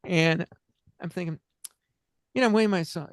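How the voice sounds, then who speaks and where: Recorded in studio quality with no room sound, this man's voice sits high and moves at normal speed. He hosts a chat show podcast, spinning a long story that wanders and cuts itself off, with laughter at the funny moments.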